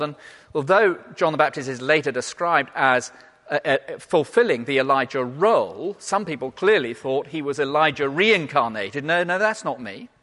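A man preaching a sermon in an animated, emphatic way, swinging between loud and hushed. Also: a little high. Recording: long hall reverb.

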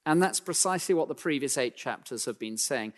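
A man preaching a sermon in an emphatic style, climbing in pitch and force for key points, then dropping low and quiet, with dry self-deprecating asides. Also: lively intonation, fairly quick, in a large hall.

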